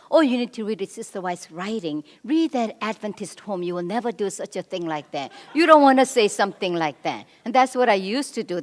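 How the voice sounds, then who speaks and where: A middle-aged woman giving a church marriage seminar, animated as she coaches the men in the audience directly. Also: mid-range voice. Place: church hall. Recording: long reverb of a church hall.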